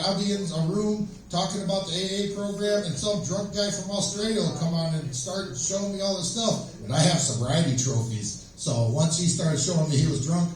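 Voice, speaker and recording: A man telling rambling stand-up stories on a small club stage, with fillers and a deadpan delivery. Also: a little high. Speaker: amateur stand-up comic. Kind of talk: stand-up set. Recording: echoey room from far off with crowd.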